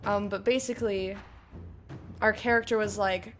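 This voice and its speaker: A woman's voice: medium pitch, moderate pace, faint music behind. A woman hosting a blind let's play, giving casual, emotional commentary on a game. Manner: emotional, chatty reactions.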